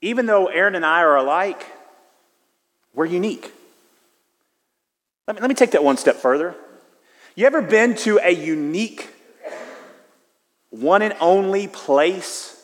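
High-voiced pastor preaching in an echoing hall. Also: male voice, a little slow, pauses often. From Houston, Texas. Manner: storytelling, lively and conversational with frequent restarts. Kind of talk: sermon. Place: church sanctuary. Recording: long hall reverb.

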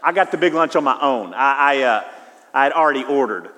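A middle-aged man from Houston preaching a sermon as pastor, telling stories in a lively, conversational way with frequent restarts. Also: mid-range voice, fairly quick. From Houston, Texas. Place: church sanctuary. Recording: long hall reverb.

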